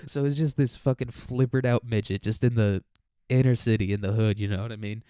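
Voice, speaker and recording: In a dry, clean studio recording, a young man talks briskly with a lowish, warm, clean voice and fairly even intonation. He's a student hosting a solo podcast, rambling crudely, laughing often and sounding worn out mentally.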